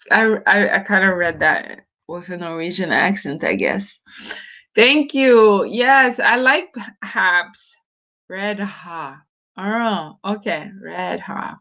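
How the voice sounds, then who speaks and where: Slow-talking bright-voiced woman. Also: medium pitch. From Norway. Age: 40s. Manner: chatty, hesitant, laughs often. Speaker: livestream host. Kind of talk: casual live chat answering viewers.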